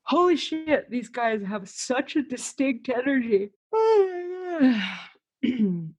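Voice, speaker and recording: A woman hosting a casual spiritual podcast who channels and describes energies, animated and quick to swear. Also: mid-range voice. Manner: animated, swears freely, acts out voices and sounds. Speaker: psychic channeler and podcast host.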